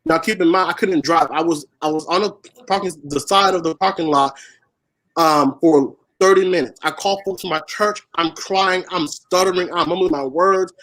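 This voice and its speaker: Speaking at a normal pace, this interview guest has a fairly high-pitched, slightly bright voice, heard over a rough recording. Born in Haiti and raised in Washington State, he's a spoken word poet recounting a personal story with earnest feeling and repetition for emphasis.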